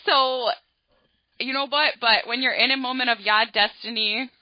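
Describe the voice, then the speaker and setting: Chatty, animated woman astrology host. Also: on the high side, normal speed, dry recording, highs cut off. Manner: chatty, animated, many "like" and "okay?" asides. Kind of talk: casual storytelling monologue.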